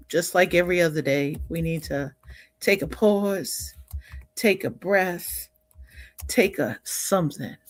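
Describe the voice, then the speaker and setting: A woman's voice: lowish voice, no echo, studio quality. An older woman hosting a livestream in a casual, upbeat way, often laughing and greeting viewers by name. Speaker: livestream host.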